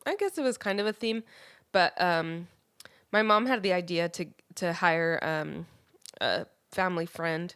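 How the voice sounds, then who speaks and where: A woman's voice: on the low side, measured pace, fairly bright tone, smooth, no room sound, studio quality. A woman co-hosting a podcast in easygoing, casual chat. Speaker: podcast co-host.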